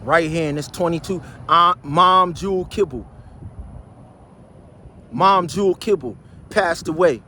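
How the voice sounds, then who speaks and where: A New man in his sixties holds forth outdoors in a loud, boastful street monologue, firing off rhetorical questions. His voice sits high for a man. Faint traffic hums behind him. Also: measured pace, pauses often. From New Jersey. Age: high school in 1975, so 60s.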